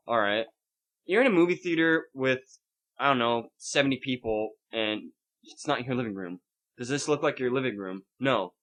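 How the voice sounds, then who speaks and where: This medium-pitched male podcast host talks at a normal speed while ranting casually about an evening at the cinema. His storytelling is animated and full of swearing.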